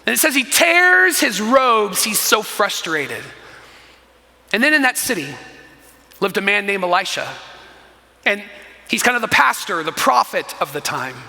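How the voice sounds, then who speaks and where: A man preaching a sermon as pastor, telling the story in an animated way with frequent asides to the congregation. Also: high-pitched, measured pace, creaky, long pauses, big-room sound. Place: church sanctuary.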